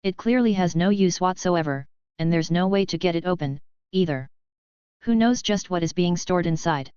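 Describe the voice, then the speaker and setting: A confident young male hero, read out by a woman speaks in a dry, unbothered, matter-of-fact way. The voice is low-set and very smooth. Heard in a dry, close audiobook recording with a slightly dull top end. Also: normal speed, darkish tone, no room sound, lightly acted. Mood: wry. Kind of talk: audiobook character voice.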